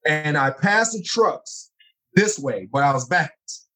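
A middle-aged man telling personal stories in conversation, acting out scenes with sudden high exclamations. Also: lively intonation, a little slow, sharp tone, low-quality recording. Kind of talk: animated storytelling in conversation.

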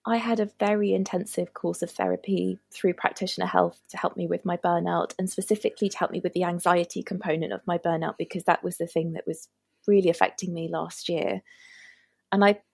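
A woman doctor talking through burnout prevention in a measured, explanatory way on a podcast. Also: fairly low pitch, creaky, a little mellow, slightly rough, no room sound, clean studio sound. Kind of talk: podcast conversation.

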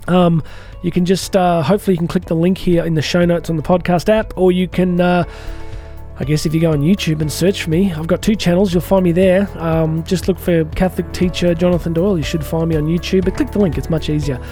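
A man's voice: sits high, fairly even intonation, fairly quick, dark tone, soft background music. A man hosting a devotional podcast for teachers, talking earnestly and repeating key lines for emphasis. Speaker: podcast host and speaker for Catholic teachers. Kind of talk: devotional motivational talk.

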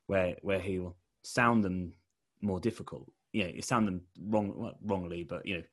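A man's voice: sits low, fairly even intonation, normal speed. A middle-aged man with a Portsmouth accent interviewing a guest, asking hesitant, self-correcting questions. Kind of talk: conversational interview.

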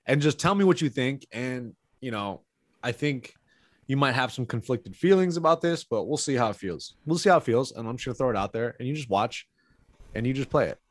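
A man's voice: mid-range voice, expressive, fairly quick, no echo. Laid-back man on a dry mic. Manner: laid-back, says bro, filler words. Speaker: podcast co-host. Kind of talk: casual podcast banter.

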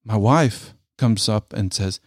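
A middle-aged man, a military veteran, telling a personal story in an earnest, halting way and often repeating his words. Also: lowish voice, dry recording, studio quality.

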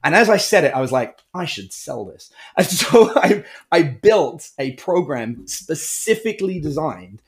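A middle-aged guest entrepreneur tells stories in a casual interview, acting out the people he quotes as an animated storyteller. His voice is fairly high, at a moderate pace with hardly any pauses.

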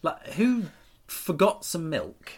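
A man's voice: fairly high pitch, takes it slowly, husky. A man co-hosting a chatty podcast, joking and riffing animatedly with his co-host. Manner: animated and jokey. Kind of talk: casual chat.

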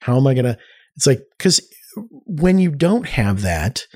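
Rambling, animated male storyteller. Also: medium pitch, a little slow, husky. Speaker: podcast guest. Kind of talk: casual storytelling chat.

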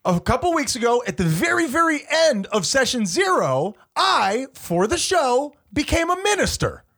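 High, lively man teasing his co-host. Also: moderate pace. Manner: teasing, mock-serious quiz-master delivery; sarcastic ribbing. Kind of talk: joking banter between co-hosts.

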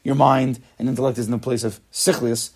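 Male Torah lecturer, gravelly and husky, emphatic and repetitive, lots of Hebrew terms. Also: mid-range voice, little pitch movement, a little fast, darkish tone. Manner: emphatic, repeats words, sprinkles in Hebrew terms. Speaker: Torah teacher.

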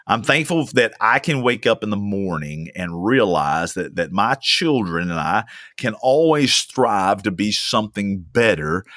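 A man's voice: mid-range voice, a bit bright, no room sound, clean studio sound. A young man preaching a sermon as a pastor, emphatic and fond of repeating lines for stress. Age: young adult.

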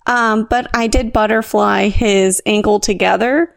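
A woman in her thirties co-hosting a podcast, telling an animated, self-mocking story in casual chat. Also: mid-range voice, unhurried, vocal fry, dry recording. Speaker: podcast co-host.

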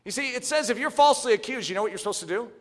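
A man preaching a sermon, animated and swinging from hushed asides to shouts. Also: very high-pitched, rapid-fire. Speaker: pastor.

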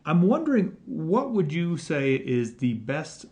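A man hosting a podcast interview, talking in a relaxed, animated way and laughing often. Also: fairly high pitch, slow. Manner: animated, laughs often, puts on voices in quotes. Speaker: podcast host. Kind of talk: casual interview chat.

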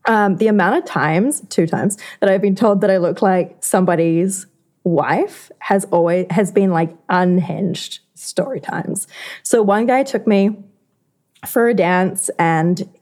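A young woman co-hosting a podcast, telling work stories in quick, chatty casual talk. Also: medium pitch, a little mellow. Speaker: podcast co-host. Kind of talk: casual chat, storytelling.

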